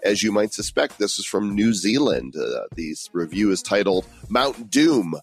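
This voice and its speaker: A man's voice: lowish voice, very animated, measured pace, slightly rough, faint music behind. A middle-aged man co-hosting a casual podcast, joking and reading listener reviews aloud. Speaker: podcast co-host.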